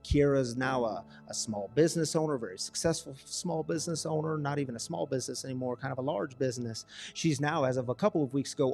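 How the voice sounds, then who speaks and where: A man preaching to a recovery church community, telling a story with swings between loud and hushed delivery. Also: on the high side. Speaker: pastor. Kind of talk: sermon storytelling.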